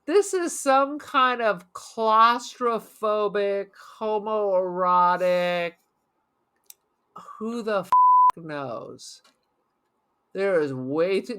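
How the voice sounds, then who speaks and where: A man's voice: high voice, slow pace, pushed and bright, clean tone. A man co-hosting a podcast, talking about a movie in a blunt, crude and jokey way. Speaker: podcast co-host. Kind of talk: casual movie chat.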